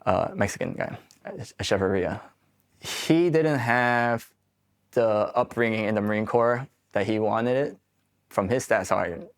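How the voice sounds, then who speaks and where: A man's voice: lowish voice, measured pace. A man in his forties from Queens, New York, telling his own military stories in a candid, swearing, casual way. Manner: candid, profane, acts out quoted exchanges. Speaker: Marine veteran guest. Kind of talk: casual storytelling interview.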